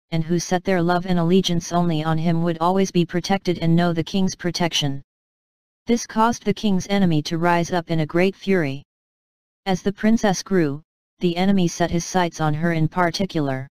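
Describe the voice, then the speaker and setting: Measured dramatic woman storyteller, smooth low voice, dry sound, devotional reading. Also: a little mellow, dry recording, poor audio. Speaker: audiobook narrator. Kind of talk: scripted storybook narration.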